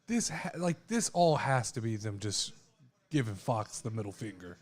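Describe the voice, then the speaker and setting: A man co-hosting a casual podcast, jokey and animated while reacting to wrestling. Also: on the low side, moderate pace. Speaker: podcast co-host. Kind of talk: casual chat watching wrestling.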